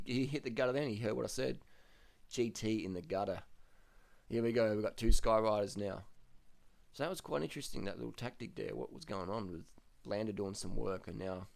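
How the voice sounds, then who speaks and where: Blunt, excitable man commentating a race. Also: gravelly. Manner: blunt, excitable, swears freely, repeats himself; gets loud and high when worked up. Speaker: cycling vlogger commenting on race footage. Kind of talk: casual race commentary over video.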